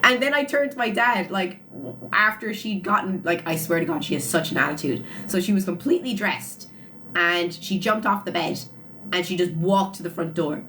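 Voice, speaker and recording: A woman's voice: on the low side, lively intonation, normal speed, a bit bright, slight background noise. A young woman tells a story to her live chat on a phone. She talks casually and with animation, laughs often, and ends many sentences with "like". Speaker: livestreamer.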